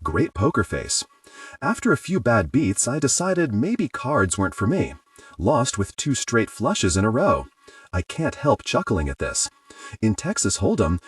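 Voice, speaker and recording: Male audiobook narrator, low husky voice, very animated pitch, dry close recording. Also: dry recording.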